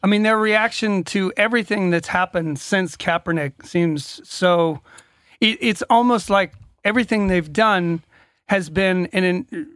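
A man's voice: high-pitched, measured pace, fairly bright tone, no echo, studio quality. A man co-hosting a casual talk show, asking questions and often repeating words as he gathers his thoughts. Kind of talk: casual chat.

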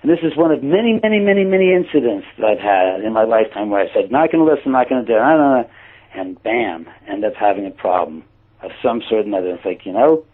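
A man casually telling a personal story, acting out his own quoted thoughts with lively shifts. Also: fairly low pitch, fast talker. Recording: tinny phone-like line.

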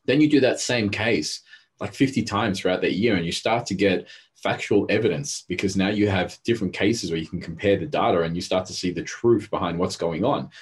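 Low husky guy talking fast, intense storyteller on a podcast. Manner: intense, storytelling, acts out quotes. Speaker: therapist and coach. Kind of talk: casual podcast conversation.

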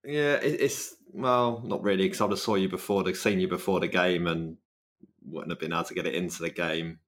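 A man's voice: low voice, fairly even intonation, a little fast, fairly bright tone. A man hosting a podcast, chatting casually with laughter and swearing. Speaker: podcast host.

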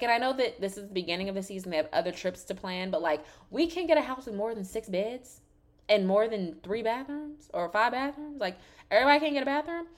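A woman hosts a podcast recapping a reality show, sassy and animated, cursing freely and using "like" constantly. Her voice runs a little high.

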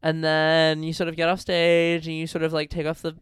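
Smooth-voiced giggly woman chatting. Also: sits low, completely flat delivery, fairly quick, no echo. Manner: giggly, riffing, trails off with ums. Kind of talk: casual chat.

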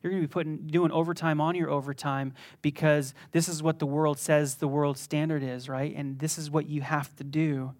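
A middle-aged male pastor preaching a sermon in a conversational, animated way that bursts into sudden intensity. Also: fairly high pitch, moderate pace, few pauses.

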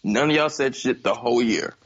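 A man's voice: mid-range voice, fairly quick, slightly rough, lo-fi sound. A man co-hosting a casual sports chat, ranting bluntly and swearing freely. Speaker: podcast co-host.

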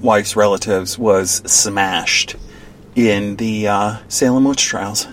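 A man's voice: on the low side, fairly even intonation, slow pace, a bit bright, slight background noise. A man co-hosting a podcast in casual chat, playful and jokey. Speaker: podcast co-host.

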